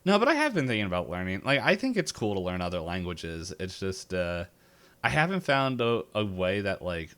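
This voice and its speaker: A low-pitched man with a clean tone speaks briskly as he runs a tabletop game. He chats casually with his players and acts out quotes as an animated storyteller.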